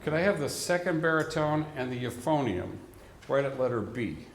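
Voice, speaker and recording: A man's voice: mid-range voice, expressive, moderate pace, heavy background noise. A man conducting a band rehearsal, who explains the music patiently and sings rhythms aloud to the players. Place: large rehearsal hall. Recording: roomy hall with faint ambience.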